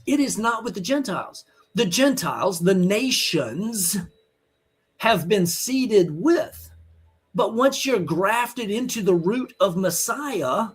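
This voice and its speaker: Husky man, fiery preaching. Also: sits high. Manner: emphatic, blunt and scolding. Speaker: Bible teacher. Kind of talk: online teaching sermon.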